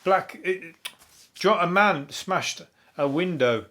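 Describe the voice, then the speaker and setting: A man's voice: sits high, takes it slowly. Chatty Brummie man, rambling comic host. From Birmingham, England. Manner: rambling, chuckling, swears freely, dry deadpan asides. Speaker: comedy podcast host. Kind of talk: casual topical comedy monologue.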